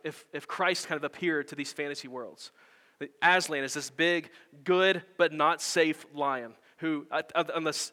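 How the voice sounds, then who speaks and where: A man preaching a sermon as pastor, telling a story in an animated way, with emphatic build-ups and quick self-corrections. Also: on the high side, big-room sound.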